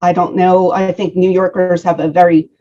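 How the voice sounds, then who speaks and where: A woman's voice: lowish voice, level tone, moderate pace, dark tone. Chatty woman with a Philadelphia accent. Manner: chatty, frank, reminiscing. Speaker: guest, former wrestling personality. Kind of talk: casual interview chat. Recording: slightly dull lo-fi audio.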